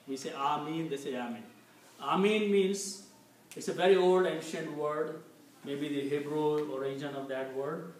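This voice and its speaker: Patient man teaching in an echoey room. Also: fairly high pitch. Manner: slow, repeats key words patiently. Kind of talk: Arabic language lesson. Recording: very echoey room, distant mic, faint noise.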